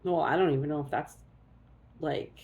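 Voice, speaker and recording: A woman's voice: sits low, steady tone, normal speed, darkish tone, muffled recording. A woman doing a casual oracle card reading, musing aloud and thinking as she goes.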